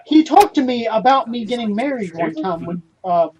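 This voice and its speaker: High, lively man cracking dry quips. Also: normal speed. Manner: dry one-line quips. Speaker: podcast co-host. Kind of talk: casual chat. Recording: dull lo-fi recording.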